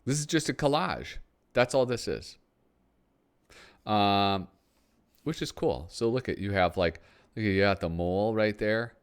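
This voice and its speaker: Brief: a rambling casual male host, low voice, animated intonation. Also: measured pace, pauses often, smooth. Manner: rambling, frequent ums, thinking aloud. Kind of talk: casual chat while flipping through a magazine.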